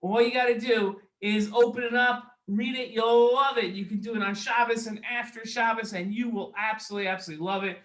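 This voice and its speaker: A man hosting a children's show, presenting a quiz in a deliberate way and speaking straight to young viewers. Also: sits high, steady tone, a bit bright, echoey room, low-quality recording. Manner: drawn-out, deliberate, addresses viewers.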